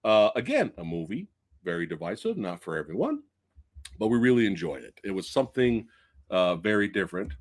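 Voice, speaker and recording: Excitable, foul-mouthed male movie host. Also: on the low side, fairly quick. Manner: excitable, swears freely; chatty, addresses viewers directly. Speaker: movie review show host. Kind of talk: casual live-stream chat.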